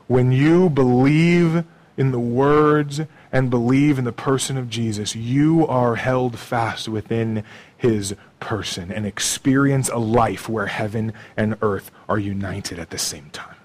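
Guy preaching a sermon, keeps asking okay? right?, goes quiet then punches it up. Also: fairly even intonation, slow pace, rough recording. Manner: conversational preaching, frequent "okay?" and "right?" tags; swings between soft low asides and raised emphatic lines. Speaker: pastor.

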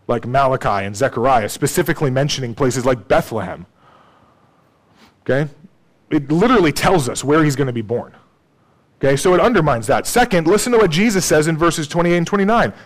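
A man preaching a sermon in a conversational way, often checking in with "okay?" and "right?". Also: medium pitch.

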